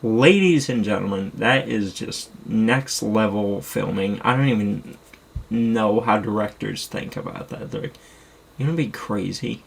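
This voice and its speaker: Young male streamer, gravelly and husky, excitable rambling host. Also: on the low side, measured pace. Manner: rambling, excitable, swears casually. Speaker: streamer showing his movie collection. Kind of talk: casual chat.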